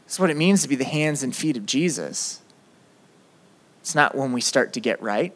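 A young man preaching a sermon as a campus pastor, animated and acting out prayers in quoted voices. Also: on the high side, moderate pace. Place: campus ministry room.

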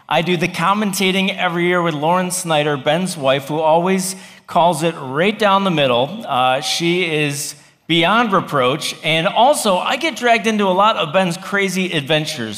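Male pastor, slightly higher voice, dry self-deprecating sermon storyteller; long hall echo. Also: fairly bright tone. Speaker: campus pastor.

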